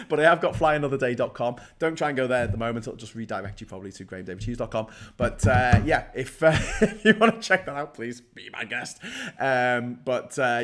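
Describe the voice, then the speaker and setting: A man's voice: medium pitch, a bit bright. A middle-aged man hosting a casual livestream from his desk, rambling, swearing and joking as he reads out viewer comments. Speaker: live show host.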